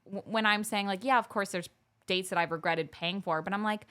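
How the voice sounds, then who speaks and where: Animated woman telling a dating story. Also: mid-range voice, brisk, smooth. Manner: animated, acts out quoted dialogue. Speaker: podcast co-host. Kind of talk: casual storytelling chat.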